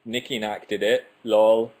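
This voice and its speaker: In a lowish, darkish voice with little pitch movement, a young livestream host speaks a little slowly into his webcam. He chats, reads comments from viewers, and is self-mocking, tripping over his words at times.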